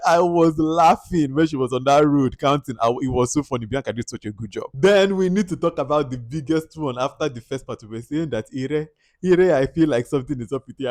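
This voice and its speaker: Young Nigerian male reviewer, slightly high voice, dry close sound, giggly and animated. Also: no room sound. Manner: laughing often, mimics characters, slips into Pidgin. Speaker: film reviewer. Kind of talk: casual movie review.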